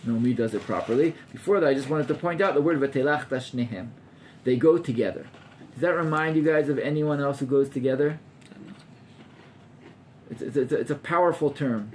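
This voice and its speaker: A man's voice: medium pitch, brisk, darkish tone, a little hiss or hum. A man, a rabbi teaching an informal class to students, talking animatedly and acting out scenes with gasps while mixing in Hebrew terms.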